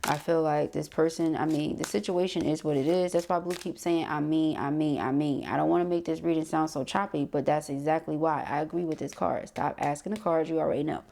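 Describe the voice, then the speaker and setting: A woman reading tarot for her viewers in a casual, sassy, blunt style, full of slang and quick laughs. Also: deep voice, fairly even intonation, gravelly, warm tone. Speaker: tarot reader and spiritual coach.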